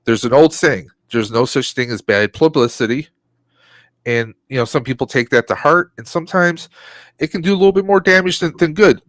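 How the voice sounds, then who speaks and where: A man's voice: mid-range voice, brisk, a bit bright, no room sound. A man co-hosting a casual podcast chat, delivering rambling, opinionated rants. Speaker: podcast co-host.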